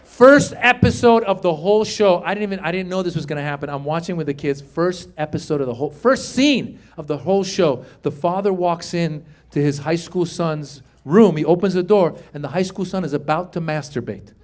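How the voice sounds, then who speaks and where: A middle-aged man doing a stand-up comedy set, telling stories with animated delivery and squeaky put-on voices. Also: brisk, hardly any pauses. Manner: animated storytelling, acts out high squeaky voices. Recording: live stage mic, audience laughter. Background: audience laughter and room ambience.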